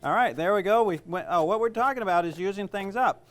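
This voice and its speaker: A man's voice: sits high, quick pace. A middle-aged man, a chef, giving a casual cooking demonstration in a chatty, rambling way and joking at his own expense. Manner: chatty, rambling, jokes at himself.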